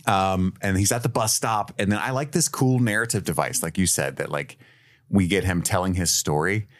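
Deep-voiced man chatting about a film. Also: normal speed, no echo, clean studio sound. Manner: relaxed, swears casually, quotes movie lines. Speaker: podcast co-host. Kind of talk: casual film review chat.

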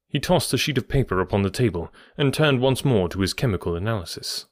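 A man narrating an audiobook in the first person with a steady, even storytelling delivery. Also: lowish voice, quick pace, no room sound, studio quality.

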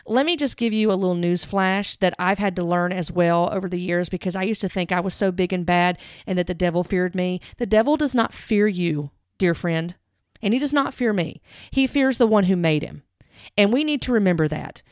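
A woman's voice: lowish voice, a little fast, clear, resonant tone, no room sound, studio quality. A woman giving earnest, direct commentary, stressing key words as she talks it through. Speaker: Christian commentator. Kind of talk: earnest commentary with read-aloud quotes.

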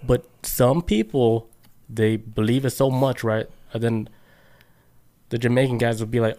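A man's voice: mid-range voice, fairly even intonation, unhurried, mellow. A man co-hosting a casual podcast, with a voice sitting in an ordinary middle register. He tells stories in loose, slangy talk and laughs easily. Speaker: podcast co-host. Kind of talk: casual chat.

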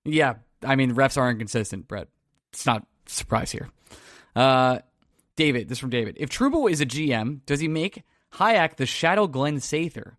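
A man's voice: mid-range voice, expressive, normal speed, a bit bright, no room sound, clean studio sound. A man with a Long Island accent co-hosting a sports podcast, reading listener questions and laughing at himself. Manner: laughing, self-deprecating, reads listener questions. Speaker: podcast co-host. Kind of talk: casual sports chat.

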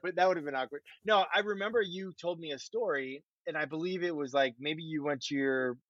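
A man's voice: a little high, a little fast, a bit bright, dry recording. A middle-aged man and former pro quarterback, telling stories about himself in a self-deprecating, laughing way in casual conversation. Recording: dull, dry muffled audio.

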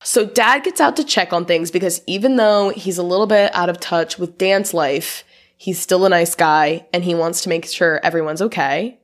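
A woman's voice: lowish voice, moderate pace. A woman co-hosting a podcast, casually recapping a film from her notes and laughing often. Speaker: podcast co-host.

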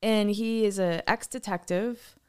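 A woman's voice: mid-range voice, fairly even intonation, unhurried, a little mellow, clear, resonant tone. Rambling woman in casual chat. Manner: rambling, full of fillers and restarts, swears casually. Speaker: podcast co-host.

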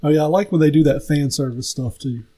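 A young man with a slightly raised pitch and a mellow, warm tone, co-hosting a relaxed podcast. He keeps dropping in fast wisecracks and keeps answering with an easy "oh, yeah.". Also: slightly rough. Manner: quick joking asides, says "oh, yeah" a lot. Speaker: podcast co-host. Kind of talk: casual chat.

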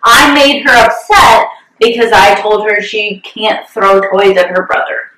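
A woman's voice: mid-range voice, steady tone, measured pace, sharp tone. A woman chatting casually, supportive and agreeing, sharing a story about her child. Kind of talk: casual chat. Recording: roomy, distant from mic.

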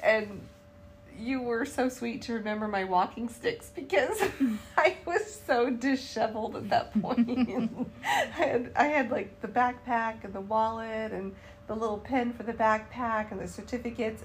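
A woman's voice: fairly high pitch, unhurried. A woman from North Carolina, co-hosting a casual podcast and telling a travel story with lots of laughter and acted-out quotes. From Charlotte, North Carolina, USA. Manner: animated storyteller, acts out quotes, laughs often. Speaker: podcast co-host. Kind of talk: casual travel recap chat.

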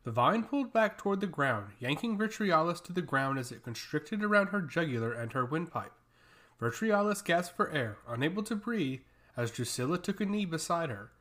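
A man's voice: fairly high pitch, sing-song, moderate pace, fairly bright tone. Man narrating a fantasy story.

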